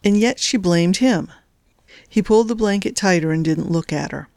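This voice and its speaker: A woman reading a novel aloud as narrator, in a measured, even storytelling delivery. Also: on the low side, no echo, studio quality. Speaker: audiobook narrator. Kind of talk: scripted narration.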